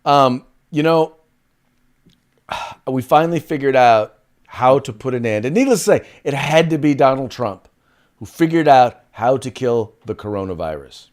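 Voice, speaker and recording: A man's voice: medium pitch, unhurried. A man co-hosting a casual political talk show who speaks emphatically and moves the segments along. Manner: animated, emphatic, wraps up segments. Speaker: co-host.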